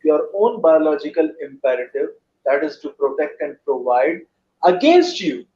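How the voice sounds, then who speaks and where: A man's voice: fairly high pitch, very animated, normal speed, dark tone. A man in a casual online voice chat, talking in formal, wordy phrases with many hesitations. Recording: echoey, muffled voice chat audio.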